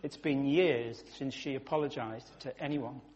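A man's voice: medium pitch, unhurried, a little mellow, highs cut off. A man, preaching a sermon through vivid, emphatic storytelling that rises suddenly in volume.

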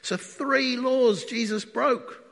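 A man's voice: very high voice, takes it slowly, creaky, a bit bright. A man preaching a sermon in a conversational way, often asking the congregation questions. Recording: long hall reverb.

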